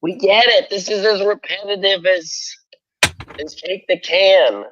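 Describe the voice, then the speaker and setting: A man hosting a podcast in casual chat, animated and sarcastic, laughing often. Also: high voice, a little slow, noisy background. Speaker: podcast host. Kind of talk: casual chat, reading questions. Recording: dull lo-fi sound.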